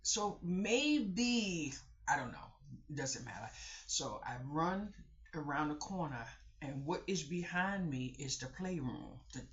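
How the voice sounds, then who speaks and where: Woman, casual storytelling vlog, low voice, colloquial, dull lo-fi recording. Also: fairly bright tone. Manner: colloquial, addresses viewers directly, restarts a lot. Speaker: vlogger telling a story.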